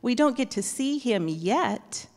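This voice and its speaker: A woman telling a children's story at church, animated and asking the children questions as she goes. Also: fairly high pitch, takes it slowly. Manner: animated, asks children questions, imitates dog whines. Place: church sanctuary. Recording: long church hall reverb.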